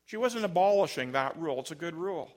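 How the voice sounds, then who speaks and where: A man's voice: a little high, animated, fast. A man, a pastor, preaching an emphatic sermon and telling stories. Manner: emphatic, storytelling, big swings in loudness.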